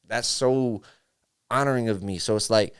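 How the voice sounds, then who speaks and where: A man from Syracuse, New York, a music engineer from the upstate region, is a guest on a podcast for a casual chat. Speaking at a normal speed in a clean, medium-pitched voice, he tells animated stories, acting out studio dialogue and using "bro" a lot.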